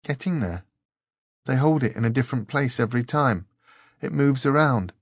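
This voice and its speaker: A man's voice: mid-range voice, expressive, breathy edge, no room sound, clean studio sound, voice pushed up. A man voicing a thin, nervous young girl who talks earnestly and warily. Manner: earnest, wary, quick to take offence.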